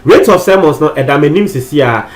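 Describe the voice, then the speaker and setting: A man's voice: on the high side, expressive, a little fast. A Ghanaian man presenting entertainment news in a chatty, casual way, switching between languages and repeating phrases for emphasis.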